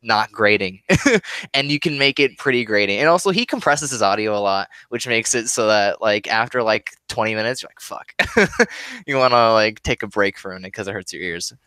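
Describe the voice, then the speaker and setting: Midwestern man streamer, casual and rambly, bright tone, dry close sound. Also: on the low side, fairly quick, smooth, dry recording. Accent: Midwestern, Chicago-area. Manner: rambling, laughing often, swearing casually. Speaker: streamer and YouTuber. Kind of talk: casual chat on a live stream.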